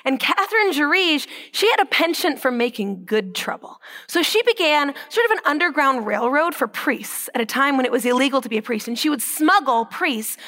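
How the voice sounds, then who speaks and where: Speaking with a high voice, a Catholic speaker delivers an uplifting talk and brings her stories to life energetically. For emphasis she lowers her voice to a whisper, and she lingers slowly over the words that count.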